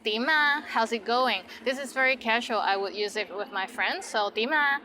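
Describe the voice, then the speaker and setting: A woman's voice: a little high, normal speed, sharp tone, a little hiss or hum. A woman giving a bilingual language lesson, upbeat and demonstrative, modeling phrases with playful intonation. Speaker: language teacher.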